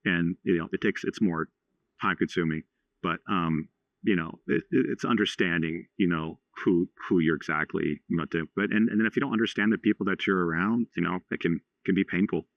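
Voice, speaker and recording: A man in his forties from Texas, a podcast guest telling a story in a halting way, with many restarts and fillers. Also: deep voice, creaky, no room sound. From Houston, Texas. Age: 40s. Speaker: podcast guest, franchise owner. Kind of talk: casual storytelling. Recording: slightly dull lo-fi sound.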